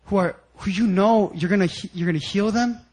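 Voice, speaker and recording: A young man preaching a sermon, telling a personal story in a lively, animated way and often laughing as he talks. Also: high-pitched, brisk. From United States. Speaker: pastor.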